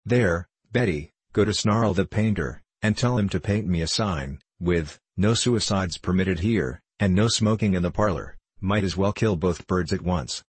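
A man's voice: deep voice, unhurried, hardly any pauses, breathy edge, dry recording. A man voicing a bossy, fussing middle-aged innkeeper woman in an audiobook, scolding and exclaiming. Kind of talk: audiobook character voice.

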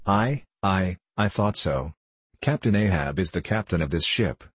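A man voicing a gruff, suspicious old Quaker whaling captain in an audiobook, speaking bluntly in old-fashioned thee-and-thou speech. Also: low-pitched, expressive, unhurried, dry recording, exaggerated voice. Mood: stern. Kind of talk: audiobook character reading.

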